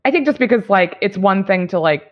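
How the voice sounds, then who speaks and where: A woman's voice: mid-range voice, animated, a little fast. A woman comedian telling a rambling story in casual podcast chat, laughing between her thoughts. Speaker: guest comedian. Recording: dull lo-fi sound.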